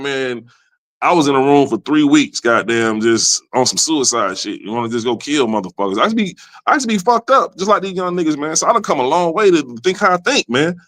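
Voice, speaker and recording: A man's voice: medium pitch, fairly bright tone. A man hosting a podcast, talking in a loose, profane street style and tagging lines with "man". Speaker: podcast host. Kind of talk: casual podcast chat.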